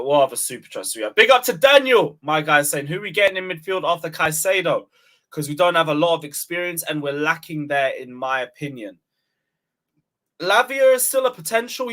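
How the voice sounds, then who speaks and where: A man hosts a casual live stream, his bright voice jumping around in pitch. He mocks clips and answers super chats, sounding tired. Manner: mocking, tired, says he is exhausted.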